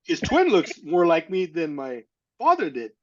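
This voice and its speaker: His pitch is on the high side and swings hugely as this middle-aged interview guest tells a personal story at an unhurried pace, his tone a bit bright. Candid and earnest, he often restarts and repeats his words. The slightly dull lo-fi audio has slight background noise.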